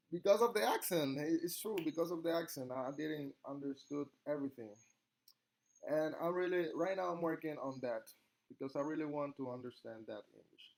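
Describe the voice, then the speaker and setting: A young man with a Spanish accent, a native Spanish speaker from Latin America, giving an earnest, halting class presentation as a student. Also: fairly high pitch, creaky, a little mellow, rough recording. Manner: earnest, halting, reads questions aloud.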